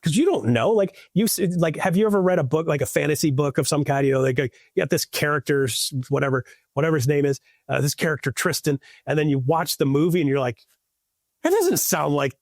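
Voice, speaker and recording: A man chatting as a podcast guest, rambling and restarting his sentences as he goes. His voice sits a little high and sounds husky. The sound is dry, with no room echo. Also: quick pace, hardly any pauses. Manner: loose, rambling talk full of restarts and "like". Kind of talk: casual podcast chat.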